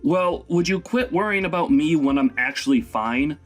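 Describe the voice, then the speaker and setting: A man's voice: on the high side, lively intonation, moderate pace, soft background music, natural voice. A man voicing a stern, reproachful young husband. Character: young husband angrily confronting his mother. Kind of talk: voiced animated story drama.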